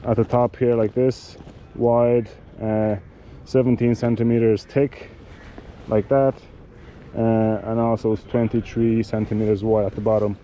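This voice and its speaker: Very dark-voiced man reviewing bike gear. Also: fairly low pitch, level tone, a little hiss or hum, poor audio. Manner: halting, with many fillers and restarts. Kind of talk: casual product demonstration.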